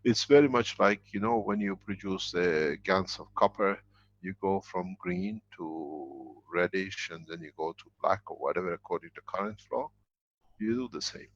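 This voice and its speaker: A man's voice: low voice, moderate pace, lo-fi sound. A man answering questions in a live online teaching session, explaining at length with emphatic, rambling sentences.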